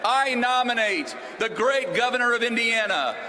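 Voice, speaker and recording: A man proudly nominating a candidate, shouting his speech at a convention. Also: extremely high pitch, animated, moderate pace, big-room sound. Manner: proud, shouting over a crowd. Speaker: nominating speaker. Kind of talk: rally speech. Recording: arena with loud crowd and noise.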